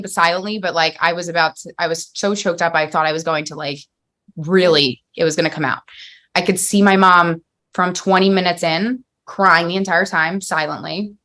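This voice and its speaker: A woman's voice: fairly low pitch, fairly bright tone. A woman in her thirties hosting a podcast, telling a personal story in a heartfelt, rambling way with many fillers and restarts. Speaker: podcast host. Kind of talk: casual podcast conversation.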